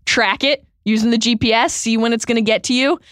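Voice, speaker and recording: A woman's voice: fairly high pitch, fairly even intonation, fairly quick, fairly bright tone, no room sound, studio quality. A woman guest talking enthusiastically and chattily about food. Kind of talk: casual chat.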